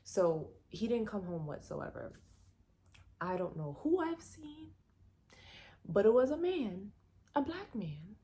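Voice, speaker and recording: A woman vlogger telling a personal story in a casual, animated way with many fillers. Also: lowish voice, a little hiss or hum. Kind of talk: storytime vlog.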